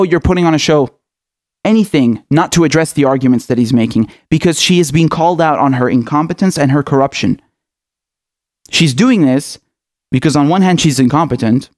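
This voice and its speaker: A man's voice: a little high, darkish tone. A man hosting a political commentary show, delivering an impassioned, outraged rant full of swearing.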